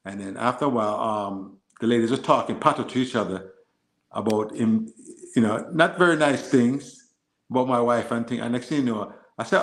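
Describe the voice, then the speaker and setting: A man's voice: mid-range voice, normal speed, roomy sound, low-quality recording. A Jamaican-born man with an American accent, telling stories in a casual podcast chat, often laughing and mimicking accents. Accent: American with Jamaican traces. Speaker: guest.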